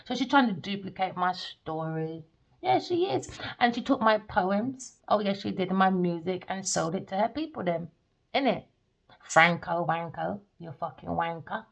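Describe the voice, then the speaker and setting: Woman, tarot reader, scornful profane rant, gravelly, dull lo-fi sound. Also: lowish voice, lively intonation, moderate pace. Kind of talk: ranting monologue. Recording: dull lo-fi recording.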